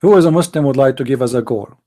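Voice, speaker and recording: A man's voice: medium pitch, fast, mellow. A man hosting a live online call-in debate. He speaks heated, non-native English and keeps pressing with rhetorical questions. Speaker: host of a call-in debate show.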